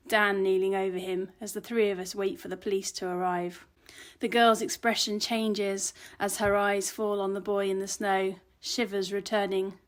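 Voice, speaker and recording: A woman narrating her own cozy mystery in the first person, steady and expressive. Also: mid-range voice, normal speed. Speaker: author reading her own story.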